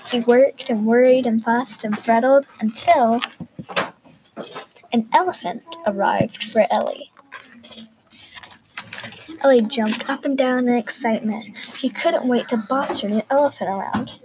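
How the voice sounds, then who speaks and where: A woman reading a children's picture book aloud in a careful, expressive way. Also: a little high, a little slow, pauses often, background noise. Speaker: reader. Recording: crowd chatter behind.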